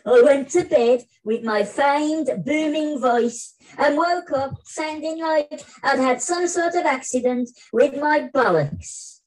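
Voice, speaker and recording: A man putting on a high-pitched voice as a blustering, famous older actor in a comic spoken-word piece over a video call. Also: slow pace, hardly any pauses, low-quality recording. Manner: blustering, indignant comic monologue.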